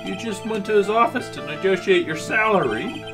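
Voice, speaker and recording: A man's voice: sits high, animated, a little fast, over music. A man voicing an earnest young male defense lawyer in game dialogue, pressing with pointed questions. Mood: probing.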